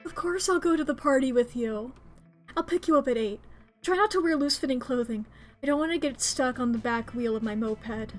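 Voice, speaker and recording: A woman voicing an easygoing young man friend in an offhand, deadpan way. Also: high-pitched, brisk, faint music behind, close to an everyday voice.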